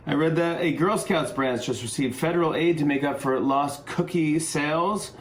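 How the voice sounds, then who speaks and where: A man's voice: fairly high pitch, moderate pace. A middle-aged man hosting a talk show from home, delivering a joking comedy monologue with an upbeat, rambling manner.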